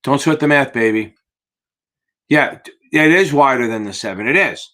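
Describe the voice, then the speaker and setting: On a casual live Q&A stream, a tired, yawning man tutors students for securities exams, blunt and profane and calling everyone baby. His mid-range voice is bright and forceful, delivered at a moderate pace.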